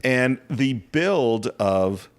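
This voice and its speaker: Animated, earnest male podcast co-host. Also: medium pitch, extremely slow. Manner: earnest, retells film scenes in detail. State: moved, emotional. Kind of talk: casual film discussion.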